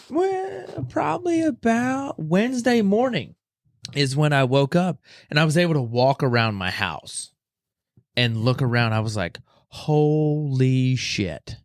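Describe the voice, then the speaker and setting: A man's voice: fairly high pitch, dry recording, studio quality. Laid-back man telling a story. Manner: laid-back, rambling, repeats himself. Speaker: podcast host. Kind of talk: casual storytelling chat.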